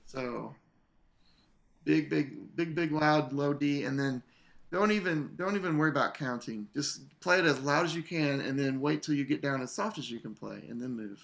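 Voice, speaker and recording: A man coaching an English horn player in a masterclass, relaxed, singing phrases to show the rhythm. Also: mid-range voice, fairly quick, vocal fry. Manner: relaxed, sings phrases to demonstrate. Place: online video masterclass.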